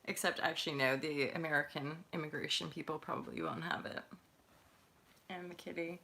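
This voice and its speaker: A woman hosting a live stream from home, talking loosely and laughing often as she answers her viewers. Her voice sits a little low, and she sounds like she is on a webcam mic. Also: steady tone, a little fast, vocal fry, sharp tone. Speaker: host of a live tarot stream.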